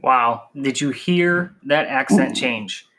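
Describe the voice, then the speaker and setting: A man from the northern United States hosting a podcast, telling the story in an animated, emphatic way. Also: medium pitch, slow pace. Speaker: podcast host. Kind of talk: podcast narration.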